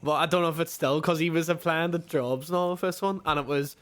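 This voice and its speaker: A man's voice: fairly high pitch, fairly even intonation, fast talker, a bit bright. A man joining the casual chat, laid-back and swearing.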